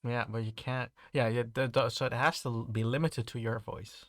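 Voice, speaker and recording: A man's voice: mid-range voice, steady tone, moderate pace, dry recording, clean studio sound. A man running a tabletop game, describing scenes with frequent restarts. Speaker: game master.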